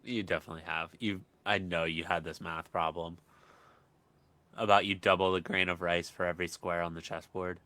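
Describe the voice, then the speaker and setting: A man's voice: low voice, flat delivery, brisk, bright, forceful tone. A young man co-hosting a podcast, ribbing his friend with dry, teasing remarks. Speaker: podcast co-host. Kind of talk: casual chat.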